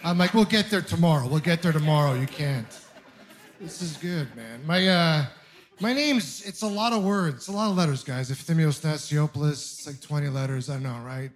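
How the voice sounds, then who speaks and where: A man's voice: on the high side, moderate pace. Self-mocking man doing stand-up. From Ontario, Canada. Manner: rambling, self-mocking storytelling with acted asides. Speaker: stand-up comedian. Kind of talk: stand-up comedy set. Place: comedy club with laughing audience.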